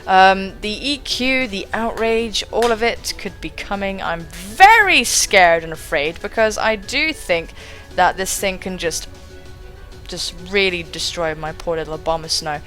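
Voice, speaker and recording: A young woman doing excitable live game commentary, thinking aloud and swearing casually. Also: medium pitch, measured pace, faint music behind. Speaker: gaming channel host.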